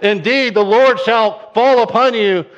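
A man's voice: high voice, a little slow, fairly bright tone, lo-fi sound, voice pushed up. A man voicing his younger self as a boy arguing in theatrical, mock-biblical speech. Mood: indignant. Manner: mock-archaic, theatrical declaiming.

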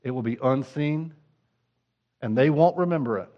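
A middle-aged male pastor delivers a sermon in a conversational way, dropping to quiet asides and rising to fervent appeals. His voice sits at an ordinary pitch for a man. The recording is dull and muffled. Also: moderate pace. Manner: conversational, swings from hushed to fervent.

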